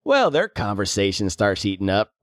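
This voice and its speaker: Give me a lively, playful man retelling a novel's plot on a podcast, in a dry, close recording. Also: on the low side, moderate pace, dry recording. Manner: playful, joking retelling with some swearing. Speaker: podcast co-host. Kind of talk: casual book discussion.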